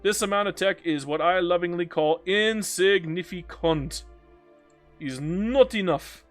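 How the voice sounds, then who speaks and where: A man with a high-pitched voice streams a strategy game, speaking a little slowly over faint background music. In his live commentary he chats, jokes, reads viewer comments aloud, and slips into silly mock voices.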